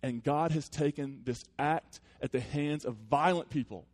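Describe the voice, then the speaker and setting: A man who is a pastor, preaching a sermon to his congregation in a conversational, earnest way that drops into soft, reflective passages. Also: fairly high pitch, unhurried.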